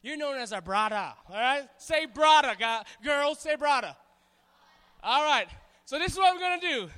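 A man from Hawaii with a Pidgin and Southern-tinged accent, giving a loud, playful church youth talk with call-and-response. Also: very high-pitched, lively intonation, normal speed. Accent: Hawaiian Pidgin mixed with Southern US. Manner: loud, playful, hyping up the crowd. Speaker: guest speaker at church youth service. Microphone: stage microphone on a cable. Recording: long reverb from a large hall.

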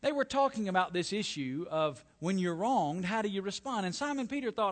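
A male pastor preaching a sermon, swinging from quiet, drawn-out phrases to loud, stressed words. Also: high-pitched, expressive. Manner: dramatic, swings from soft to loud emphasis.

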